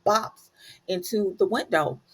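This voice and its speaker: A woman's voice: mid-range voice, slow. A woman host casually recapping TV episodes, chatty and folksy, calling listeners "honey" and "child".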